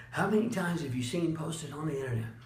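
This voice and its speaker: A man's voice: a little high, roomy sound, a little hiss or hum. Blunt, emphatic male motivational speaker. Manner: blunt, emphatic and animated, with chuckles and dramatic pauses. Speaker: motivational speaker and leadership coach. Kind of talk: motivational monologue.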